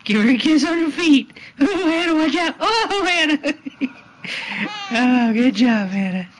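A woman filming at home by a changing table, talking to a baby in soft, coaxing baby talk. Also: on the high side, slight background noise, rough recording.

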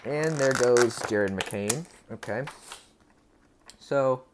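A man's mid-pitched voice carries a relaxed, rambling chat as he unboxes collectibles at his desk. He talks straight to his viewers and often stumbles and corrects himself on names. A faint noise sits under the recording. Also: very slow. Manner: chatty and upbeat, talking to viewers. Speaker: unboxing channel host.

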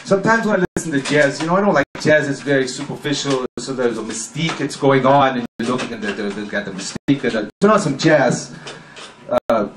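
A man's voice: medium pitch, animated, fast, lightly acted. A man playing a cranky, rambling male talk radio host who stumbles through fillers and restarts, then barks orders and throws callers off. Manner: abrupt outbursts barking orders. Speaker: comedy performer. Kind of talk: spoof talk radio monologue. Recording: echoey room with background noise.

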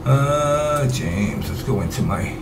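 A man's voice: medium pitch, expressive, slow. A man hosting a casual streamed talk show, rambling and swearing offhandedly. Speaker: show host. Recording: roomy with background noise.

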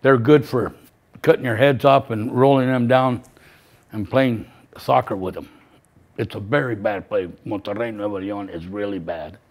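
A man in his seventies giving personal testimony as a grieving father, speaking in halting, emotional bursts and repeating phrases. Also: fairly low pitch. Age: 70s.

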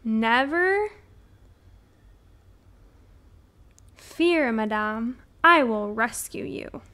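A gallant woodcutter who speaks formally and politely, as a woman reads him. He talks slowly in a voice that is a little high. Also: lively intonation, fairly bright tone.

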